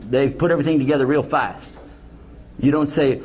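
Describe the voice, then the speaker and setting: A man's voice: medium pitch, steady tone, fairly quick. An older man giving a humorous Islamic lecture to a live audience, telling stories and acting out dialogue in a joking, conversational way. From United States. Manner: joking, storytelling, acts out quoted dialogue. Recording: dull lo-fi lecture recording with faint hiss.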